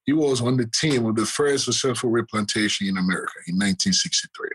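Man, surgeon, husky voice, casual storytelling, lots of "you know"s, chuckling asides. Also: mid-range voice, fast, a bit bright, low-quality recording. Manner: rambling, filler-heavy, chuckles often.

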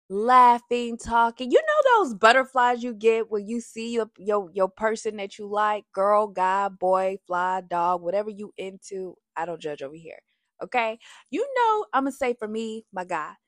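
A woman's voice: mid-range voice, no echo, clean studio sound. Sassy chatty woman recapping reality TV. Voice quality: animated, sassy, breaks into sung lines. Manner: chatty, addresses viewers as y'all. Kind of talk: casual opinionated recap.

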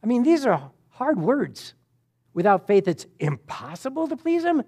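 A middle-aged man preaching a sermon, acting out scripture scenes with sudden swings between loud and soft. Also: extremely high pitch, a little slow, slightly rough. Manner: animated, acts out Bible dialogue with sudden loud and soft swings.

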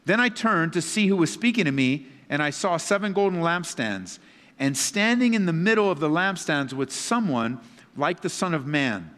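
A man preaching a sermon, swinging between loud emphatic passages and hushed, low scripture reading. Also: animated, moderate pace. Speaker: pastor. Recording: long reverb of a large hall.

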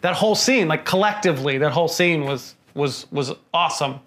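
Podcast dude griping about a movie, higher-ish voice, trips over his words a lot. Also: brisk, a bit bright. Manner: stammering restarts, exasperated complaining. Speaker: podcast co-host. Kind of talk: casual film review chat.

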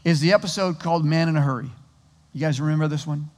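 Male pastor, sermon, conversational storyteller with a fairly high voice and long hall reverb. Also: quick pace. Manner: conversational, animated storytelling with many restarts.

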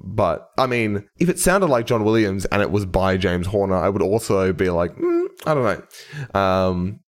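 A man's voice: deep voice, moderate pace. A man co-hosting a podcast, chatting casually in a rambling, hedging way with the odd swear word. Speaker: podcast co-host. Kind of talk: casual chat.

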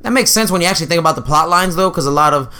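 Bright-voiced young man telling profane stories. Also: a little high, racing, smooth. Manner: profane, animated storyteller, acts out quotes. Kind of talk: casual chat.

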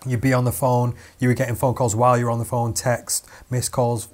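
A man's voice: medium pitch, flat delivery, brisk, a little mellow. A young man, co-hosting a casual chat and telling stories with plenty of fillers. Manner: storytelling, laughing, with lots of fillers. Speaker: podcast co-host.

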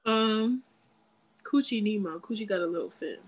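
A woman's voice: mid-range voice, animated, normal speed, faint music behind, poor audio. A woman in casual chat with friends, teasing and playing a rhyming word game.

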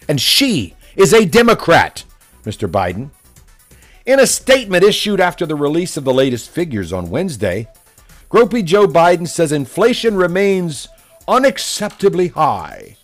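A man's voice: a little high, wildly swooping pitch, moderate pace, faint music behind. A man delivering a combative, mocking political opinion monologue as a commentator. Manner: mocking, combative, name-calling.

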